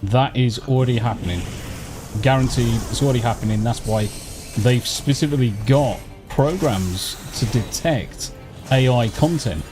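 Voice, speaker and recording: A man's voice: mid-range voice, normal speed. Emphatic, swearing man on a gaming stream. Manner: emphatic and opinionated, swears freely. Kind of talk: casual voice chat while gaming. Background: game music.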